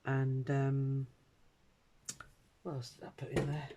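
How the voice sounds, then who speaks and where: A woman's voice: very deep voice, completely flat delivery, takes it slowly, noisy background. A middle-aged British woman vlogging at her home craft desk, chatting in a rambling way with lots of ums and uhs. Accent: British English. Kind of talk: casual chat.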